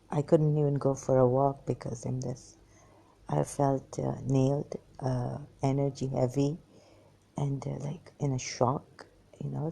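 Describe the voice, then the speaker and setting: Tired woman on her phone, super low gravelly voice, slow and halting, keeps dropping to a whisper. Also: warm tone. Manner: halting, hesitant, drifting into whispers. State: exhausted. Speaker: vlogger. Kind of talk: personal monologue to camera. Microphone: phone held in hand.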